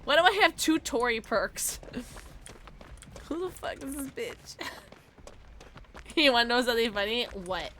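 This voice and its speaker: A high-pitched woman chatting while she streams a game, giggly and loud and high on edibles. Her voice is bright and sharp, and it leaps up and down all the time. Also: lively intonation, measured pace, pauses often, a little hiss or hum. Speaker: streamer and voice actor. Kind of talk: casual game livestream chat.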